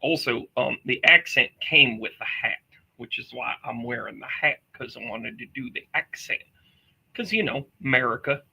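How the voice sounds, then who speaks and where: A man's voice: mid-range voice, normal speed, gravelly, pushed and bright, breathy edge, low-quality recording. A man hosting a psychic medium livestream, talking to viewers in a rambling, chatty way with jokey asides. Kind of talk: casual livestream chat.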